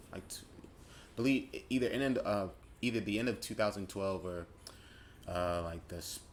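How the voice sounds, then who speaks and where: A man's voice: deep voice, slight background noise. A man in his late twenties hosting his own show, talking in a casual, reflective way that rambles and corrects itself as he thinks aloud. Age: late 20s. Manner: rambling, self-correcting, thoughtful. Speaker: podcast host.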